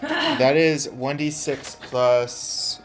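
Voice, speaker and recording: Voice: medium pitch, huge pitch swings, extremely slow, over music. Rules-checking tabletop player. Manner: methodical, checks the rules aloud. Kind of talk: playing a tabletop game.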